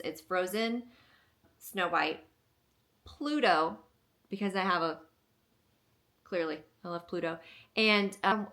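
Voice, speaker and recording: A woman's voice: mid-range voice, fairly bright tone. A young woman hosting a casual haul video at home, bubbly and gushing, with many fillers. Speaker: vlogger.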